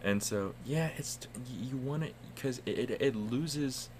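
A man's voice: mid-range voice, unhurried, darkish tone, a little hiss or hum. A man from the United States co-hosting a casual podcast, telling rambling, profane stories. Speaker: podcast co-host.

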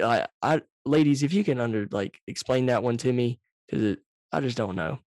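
A man hosts a casual podcast over a video call, telling stories in an animated, profane way. His mic sits right up against him, so he comes through loud and close. The sound is dry. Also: medium pitch, moderate pace, few pauses, no room sound. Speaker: podcast host. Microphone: too close to the microphone, loud.

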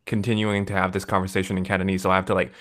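A man's voice: deep voice, level tone, very fast, fairly bright tone. A man in casual chat, reflective and agreeing, summing up the point.

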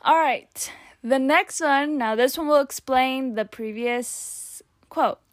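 A young woman talks casually on her own podcast, musing and rambling with lots of fillers. Her voice sits a little high. The recording is dry and close, with no room sound. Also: takes it slowly, dry recording. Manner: chatty, rambling, many "like" fillers. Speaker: podcast host. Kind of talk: casual solo talk reading old notes.

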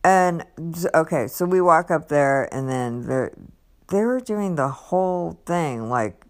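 A woman's voice: expressive, measured pace. A woman casually telling a personal story, rambling with lots of fillers and restarts and acting out other people's lines. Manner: acts out others' lines with raised pitch.

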